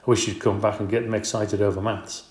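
A man reading the lines of a brisk, matter-of-fact woman schoolteacher in a storybook. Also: fairly low pitch, flat delivery, reverberant, natural voice.

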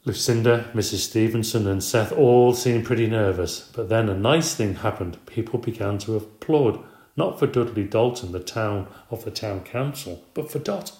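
A man narrating a children's story in an expressive, conversational audiobook reading. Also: lowish voice. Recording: roomy echo.

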